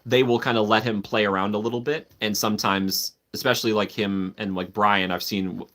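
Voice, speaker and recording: A man's voice: on the low side, steady tone, a little fast, fairly bright tone. A man hosting a live stream, chatting casually and enthusiastically, answering viewers by name and laughing often.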